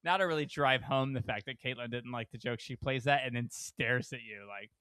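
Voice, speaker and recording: A man's voice: medium pitch, a little fast, bright, forceful tone, clean tone, no room sound. A man co-hosting a podcast, trading teasing remarks with his co-host and laughing easily. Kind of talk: casual chat.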